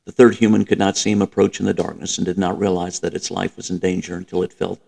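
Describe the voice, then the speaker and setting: A man narrating a novel in a measured, even reading. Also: low-pitched, gravelly. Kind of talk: audiobook reading.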